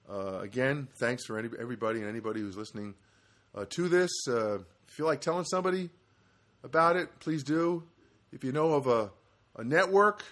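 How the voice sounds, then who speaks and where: A man's voice: mid-range voice, a bit bright. A middle-aged man hosting his own comedy podcast from a studio apartment, rambling through a story and acting out both sides of a conversation. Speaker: podcast host. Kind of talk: solo comedic podcast monologue.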